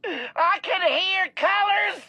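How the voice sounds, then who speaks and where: A man playing a frantic, high-voiced stoned caller. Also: takes it slowly, dry recording, exaggerated voice. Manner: frantic, whiny, shouting. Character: panicked high-on-brownies male caller. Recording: dull lo-fi dry recording.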